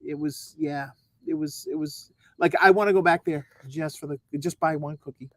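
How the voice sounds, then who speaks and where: A man co-hosting a casual married-couple podcast, making quiet, wry interjections. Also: on the high side, moderate pace, dry recording. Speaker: podcast co-host.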